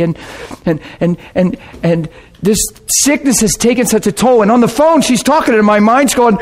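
A middle-aged man preaching and telling a story as a pastor, animated, jumping into shouts when he gets worked up. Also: high voice, moderate pace, few pauses. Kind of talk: sermon storytelling.

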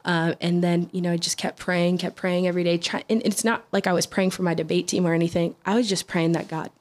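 Socal woman telling a story on a podcast, lowish voice, acts out what people said. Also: fast talker. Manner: animated, with frequent restarts and acted-out quotes. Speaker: interview guest. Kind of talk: casual storytelling.

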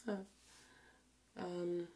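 Casting: young woman, worn out and breathless, low, gravelly voice, unhurried casual chat. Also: little pitch movement, slight background noise. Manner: slow, soft, often trailing into whispers. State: tired and out of breath. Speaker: vlogger. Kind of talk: casual talk while doing her hair.

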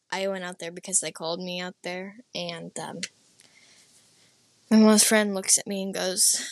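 A teenage girl vlogger rambles casually through a personal story, packed with fillers and "like," sometimes slipping into whispered asides. She has a lowish, creaky voice, recorded with no room sound.

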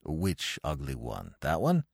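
Man putting on a deep, gruff stout impresario, growly, dry close sound. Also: wildly swooping pitch, takes it slowly, a little mellow, no echo, full character voice. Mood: doting. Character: rotund gruff middle-aged theatre producer, doting father.

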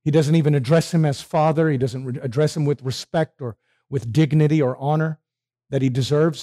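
Speaking fairly quickly in a voice on the high side, this man delivers an animated sermon, putting questions to his listeners and then supplying the answers.

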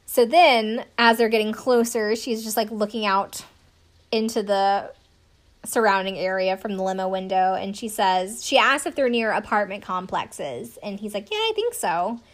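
A woman's voice: mid-range voice, steady tone, moderate pace. A woman in her twenties recapping a reality show in casual chat, sarcastic and swearing now and then. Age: 20s.

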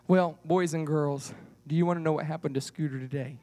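A man leading a children's church puppet show, animated and coaxing as he tells a story to the kids. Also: on the high side, a little fast, few pauses.

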